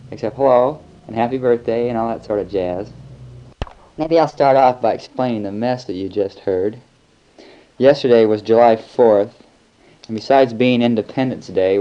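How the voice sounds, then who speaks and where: A young American missionary with a warm, medium-pitched voice rambles easily and chattily through a spoken audio letter. It was recorded in the missionaries' flat on an old lo-fi home tape with faint hiss.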